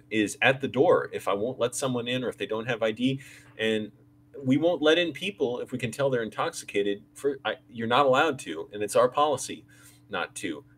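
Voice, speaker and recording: A man's voice: medium pitch, a little hiss or hum, rough recording. A man hosting his own livestream, talking casually and rambling with lots of fillers and restarts. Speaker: channel host.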